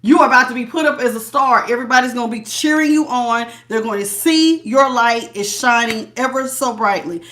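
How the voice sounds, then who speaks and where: High bright voice, middle-aged woman doing a tarot reading, lots of laughing, calls everyone honey. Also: fairly quick, hardly any pauses. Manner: animated, laughing, calls viewers honey and baby. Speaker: tarot reader. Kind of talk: casual tarot reading to viewers.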